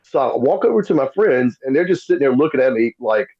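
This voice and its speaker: A man's voice: medium pitch, fast talker, lo-fi sound. A middle-aged man telling stories as a podcast guest and acting out the voices of the people in them. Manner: animated, acts out quoted voices. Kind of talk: casual storytelling.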